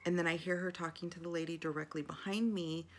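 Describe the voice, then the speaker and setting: Middle-aged woman vlogger, low gravelly voice, chatty, rambling storyteller. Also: fairly even intonation, fast talker. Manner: chatty, rambling, many fillers and restarts. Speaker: video journal vlogger. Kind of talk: casual personal storytelling.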